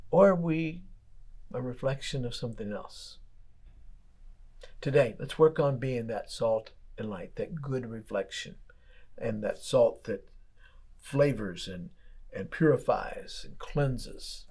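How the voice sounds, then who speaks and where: A man's voice: mid-range voice, lively intonation, a little slow, a little mellow, slightly rough. A man, a church pastor, giving a daily devotional sermon in a folksy storytelling way, asking his listeners plain questions.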